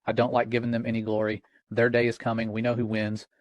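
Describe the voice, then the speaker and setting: A man's voice: mid-range voice, completely flat delivery, fast talker, no room sound, muffled recording. Earnest man giving a warning talk. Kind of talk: cautionary religious talk.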